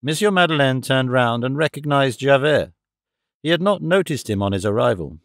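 A man reading a classic novel aloud as audiobook narrator, in a measured, steady way. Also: medium pitch, creaky, no room sound, clean studio sound. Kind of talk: scripted narration.

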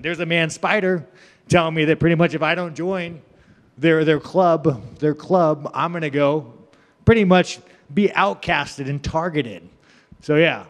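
A man in his thirties with a somewhat high voice spins a crude, rambling story for reporters and chuckles as he goes. His talk sounds casual and unfiltered, and an echoey hall reverb trails every phrase. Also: fairly bright tone. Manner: profane, rambling, laughs between lines. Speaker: fighter at media day. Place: media day event hall.

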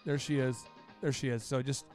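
A man's voice: medium pitch, fairly even intonation, moderate pace, a little mellow, soft background music. A man hosting a business podcast, bantering playfully in casual chat. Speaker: podcast host.

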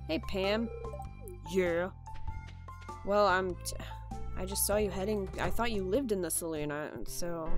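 A let's play gamer, this woman casually narrates her gameplay, chatting and exclaiming at the on-screen characters. Her medium-pitched voice is unhurried with frequent pauses, and music plays underneath.

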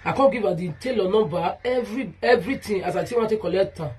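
A woman's voice: medium pitch, fast talker, few pauses, darkish tone, slightly rough. A woman with a Nigerian Pidgin accent ranting in a vlog monologue, heated and repetitive as she calls someone out by name. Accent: Nigerian Pidgin English. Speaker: vlogger.

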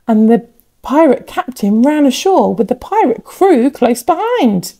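A woman teacher reading a children's picture book aloud, expressive and building suspense with repetition. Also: medium pitch, creaky. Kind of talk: children's storybook read-aloud.

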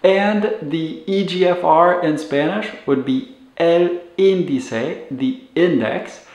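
Man, medical language teacher, slow deliberate delivery, repeats terms, echoey room. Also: a little high, vocal fry. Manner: slow, careful, repeats each Spanish term. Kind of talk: recorded video lesson.

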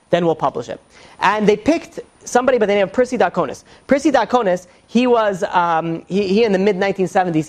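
A man teaching as a rabbi in an informal lecture, halting and full of "you know" fillers and restarts, with joking asides. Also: sits high, darkish tone.

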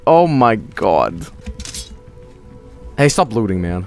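A male streamer giving excitable live commentary on a game, laughing and shouting exclamations. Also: mid-range voice, normal speed, faint music behind.

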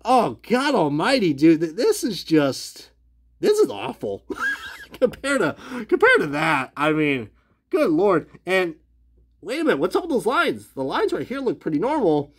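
A man ranting in a profane, comic review, swearing and laughing at his own jokes while he swings between outbursts and low mutters. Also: huge pitch swings, unhurried. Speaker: die-cast car reviewer. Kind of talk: profane comedic review rant.

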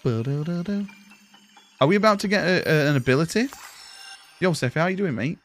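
A young man, chatting excitably and swearing as he streams a video game and thanks viewers. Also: a little high, a little slow, faint music behind. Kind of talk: live gameplay commentary.

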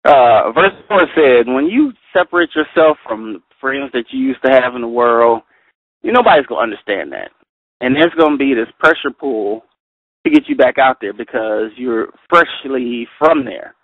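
A middle-aged man leading a Bible study, reading verses slowly and carefully, then telling personal stories with animated delivery. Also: mid-range voice, no echo. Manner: animated storyteller, reads scripture slowly and carefully. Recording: tinny phone line, dry.

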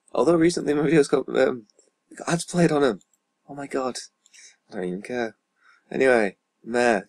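Gravelly man muttering over gameplay. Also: fairly low pitch, darkish tone, dry recording. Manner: rambling, swears and mutters asides. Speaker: YouTuber playing a football management game. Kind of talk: casual gameplay commentary.

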